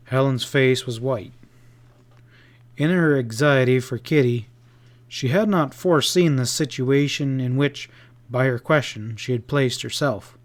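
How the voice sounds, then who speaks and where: A man narrating a classic western audiobook in a measured, steady reading. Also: mid-range voice.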